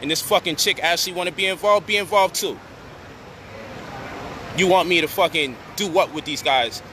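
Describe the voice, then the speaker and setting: Indignant man ranting with a bright edge. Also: fairly high pitch, normal speed, slight background noise. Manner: indignant, profane, rising to near shouting at times. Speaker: online commentator addressing his audience. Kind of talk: heated direct-to-camera rant.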